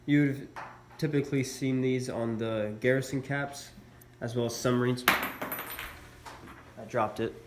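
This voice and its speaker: A congested man, clearly fighting a cold, gives a casual show-and-tell of military collectibles, stumbling along with plenty of uhs. He speaks at medium pitch and a moderate pace, his intonation fairly even. Echo and faint background noise fill the recording.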